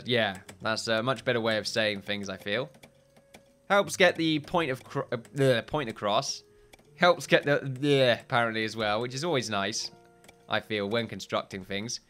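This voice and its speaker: A man's voice: mid-range voice, sharp tone. A tired man casually commenting on his game play as a video host, rambling, correcting himself and chuckling often.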